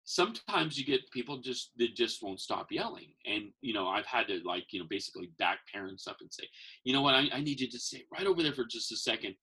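An expressive, brisk man with a mid-range, sharp voice and a breathy edge works as a professional Santa and magician. He rambles through casual conversational stories and acts out the people he quotes, heard on poor audio.

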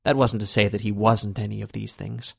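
A man reading a novel aloud with steady, even narration. His voice sits on the lower side. The delivery stays scripted and controlled. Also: fairly quick, creaky, husky, no echo, studio quality. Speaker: audiobook narrator.

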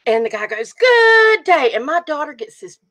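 A woman's voice: a little high, fast talker. A middle-aged woman co-hosting a casual chat, telling stories and laughing often. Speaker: podcast co-host.

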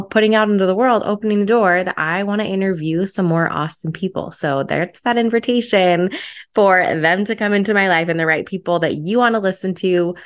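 A young adult woman hosting her solo podcast, chatty and upbeat, with lots of "like" fillers. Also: fairly low pitch. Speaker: podcast host.

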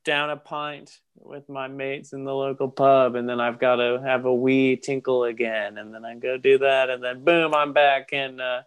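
A man's voice: mid-range voice, level tone, normal speed, hardly any pauses, clear, resonant tone. A man casually improvising an absurd comic story with a friend on a podcast. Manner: improvises absurd stories, acts out quoted voices. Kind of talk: casual comedic riffing.

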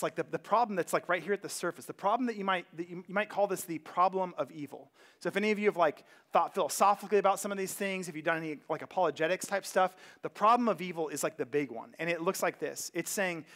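High-voiced man preaching a casual sermon. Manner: conversational and animated, with many fillers and asides. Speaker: pastor. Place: church sanctuary.

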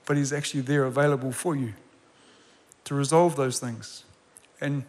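A man's voice: mid-range voice, steady tone, normal speed, darkish tone. A man in his forties preaching a sermon with a personal story, earnest and building to emphatic repeated lines. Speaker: pastor. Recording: long reverb of a large hall.

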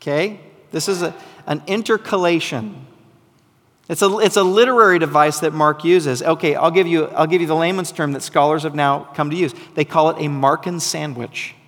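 A man's voice: on the high side, steady tone, moderate pace, in a large hall. A man, a pastor, reading scripture aloud and preaching a Sunday sermon, breaking off to explain and teach. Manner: reads aloud with asides, teaching tone.

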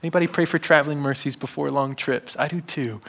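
A man's voice: a little high, fairly even intonation, fast, gravelly, a bit bright. A man preaching a sermon in a conversational style, joking and asking the congregation questions.

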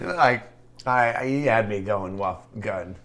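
A man's voice: medium pitch, lively intonation, a little slow, fairly bright tone. A man co-hosting a casual podcast, rambling easily through a story with many fillers. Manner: easygoing, rambling, lots of "like". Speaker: podcast co-host. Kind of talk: casual banter among friends.

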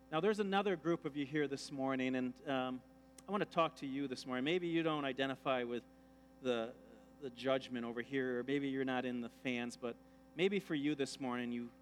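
A man's voice: medium pitch, slight background noise. A man preaching a sermon in a church, conversational and jokey, acting out the voices of the people he quotes. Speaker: pastor. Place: church sanctuary.

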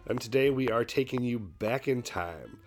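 A man with a husky, slightly hoarse voice from a lingering cold, bantering playfully as a podcast co-host. His pitch moves around a lot as he jokes. A faint music bed sits under the talk. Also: animated, moderate pace. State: husky from the tail end of a cold. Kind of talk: casual chat.

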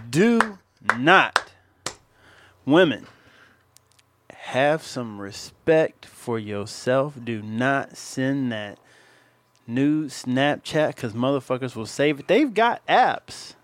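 A man co-hosting a podcast speaks slowly and deliberately, hammering his advice home by repeating it. The recording is dry and close, with no room sound. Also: medium pitch, no echo. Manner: preachy advice-giving, emphatic repetition. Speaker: podcast co-host. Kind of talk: crude casual banter.

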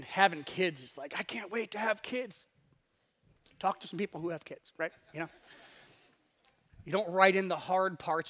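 High-voiced guy preaching, chatty, gets loud then real quiet. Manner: conversational, acts out inner voices; wide swings in loudness. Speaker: pastor. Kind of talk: sermon.

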